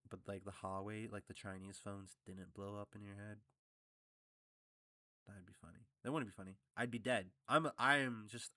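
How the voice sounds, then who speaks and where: A man's voice: fairly low pitch, fairly bright tone, smooth, no echo, clean studio sound. A man from Canada hosting his own vlog, talking in a blunt, provocative, jokey ramble with plenty of swearing. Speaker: vlog host. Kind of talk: casual rambling monologue. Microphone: upgraded studio mic.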